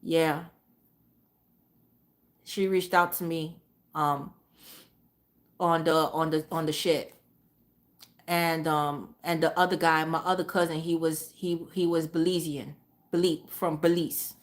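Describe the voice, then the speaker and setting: A woman vlogger talking casually, rambling and repeating herself, trailing off into low mutters. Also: flat delivery, takes it slowly, long pauses. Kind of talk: casual monologue.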